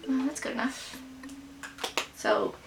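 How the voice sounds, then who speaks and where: A woman's voice: sits high, huge pitch swings, slow pace, music in the background. A young woman casually talking through her everyday makeup routine, chatty and rambling, full of self-mocking asides. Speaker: beauty vlogger. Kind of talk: casual makeup tutorial chat.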